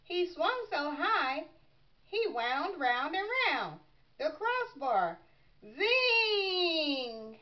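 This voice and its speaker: A woman reading a picture book aloud with animated expression and playful sound effects. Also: high-pitched, slow pace. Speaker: storybook reader. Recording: slightly muffled recording.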